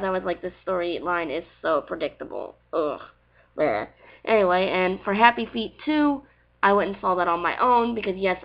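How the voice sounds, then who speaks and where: A woman's voice: lowish voice, highs cut off. A young woman with a light Southern US accent, chatting casually through viewer questions in a rambling way, full of fillers. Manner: chatty, rambling, heavy on fillers like "like" and "you know". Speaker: vlogger answering viewer questions. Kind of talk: casual Q&A vlog.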